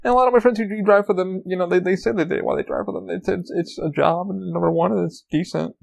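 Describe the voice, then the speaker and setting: A man's voice: high voice, fairly even intonation, fast talker, vocal fry. A man hosting a podcast, telling rambling, profane anecdotes in a casual monologue. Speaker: podcast host.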